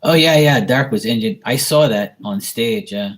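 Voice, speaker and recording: On a casual live stream, a medium-pitched man does a tarot reading and fields viewer questions at a moderate pace. He rambles, peppers his talk with "you know," and is blunt, sometimes swearing.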